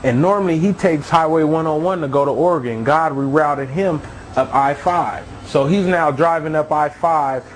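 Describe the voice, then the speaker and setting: A man's voice: on the high side, moderate pace, a little hiss or hum, rough recording. A man telling his own near-death story as a testimony, with emotional storytelling.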